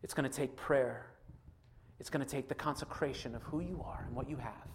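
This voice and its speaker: A man preaching a sermon, swinging from loud, driven passages to soft, hushed appeals. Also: mid-range voice, a little fast, slight background noise. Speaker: pastor.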